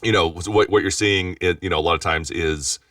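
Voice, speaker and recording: A man's voice: deep voice, fairly even intonation, a bit bright, dry recording. A man, a voice actor and studio owner, speaking as a guest in a casual interview and often restarting his sentences. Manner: rapid talker with frequent restarts and repeated words. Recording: distant mic, dry sound.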